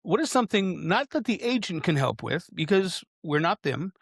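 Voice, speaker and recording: A man co-hosting a casual podcast, joking and halting, asking long roundabout questions. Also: high voice, sing-song, creaky, slightly rough, no echo, clean studio sound. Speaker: co-host.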